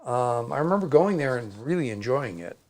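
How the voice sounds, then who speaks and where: A man's voice: mid-range voice, very animated, a little fast, a little mellow. A man with a Midwestern accent co-hosting a casual crafting livestream, chatting and reading out viewer comments. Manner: chatty, storytelling, reads out comments.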